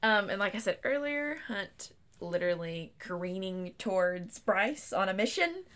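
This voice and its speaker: A woman's voice: mid-range voice, lively intonation, a little slow, a bit bright. A woman hosting a casual book-review podcast, chatting with friends, laughing often and reading passages aloud. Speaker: podcast host.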